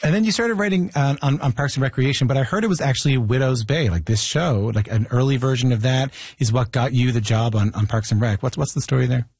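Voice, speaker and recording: Brief: male podcast interviewer, quick and husky, stumbles through his questions. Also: medium pitch, a little mellow, no echo. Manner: halting questions, many restarts.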